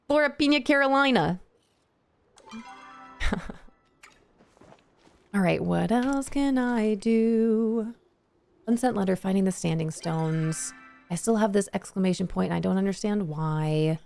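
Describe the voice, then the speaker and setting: A woman's voice: fairly low pitch, moderate pace, gravelly, long pauses, darkish tone, soft background music. A woman streaming a video game, chatting casually with her viewers and reacting with easy delight. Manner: bubbly, easily delighted, chatty. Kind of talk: casual live-stream gameplay chat.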